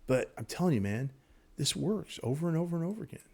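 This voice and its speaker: A man teaching day trading over his charts in a casual, excitable way, repeating himself and talking straight to viewers. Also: a little high, fast talker, creaky. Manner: excitable, repetitive, talks to viewers directly. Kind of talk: casual screen-share trading lesson.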